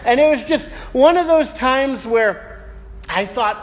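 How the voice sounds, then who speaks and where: A man's voice: very high voice, expressive, unhurried. A middle-aged male pastor preaching an evening sermon, praying and then telling a personal story in a casual, slangy way. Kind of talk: sermon with prayer and personal anecdote. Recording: long hall reverb.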